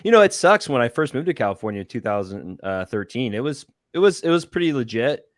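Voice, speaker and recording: A man from Southern Illinois chatting casually on a livestream in a loose, halting ramble. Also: medium pitch, big pitch swings, no echo, clean studio sound.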